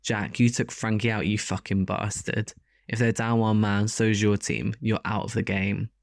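A man's voice: fairly low pitch, flat delivery, moderate pace, creaky, no echo, studio quality. A man reading the lines of an angry man who confronts and curses out a player. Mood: furious. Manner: cursing, confrontational. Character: furious man standing up for the team.

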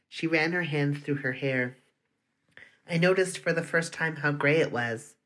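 A narrator reading a first-person story aloud at a measured pace. The voice sits in the middle of the pitch range and stays steady throughout.

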